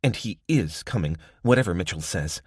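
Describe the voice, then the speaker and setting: A man's voice: sits low, lively intonation, normal speed, slightly rough, no room sound, studio quality. A man voicing a stubborn, protective woman who insists firmly on keeping a rescued dog. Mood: firm insistent. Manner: firm, insistent.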